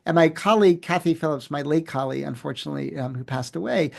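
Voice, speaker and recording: A man, a professor and author, answering interview questions in an animated, storytelling way with many fillers and restarts. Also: a little high, fast talker, creaky.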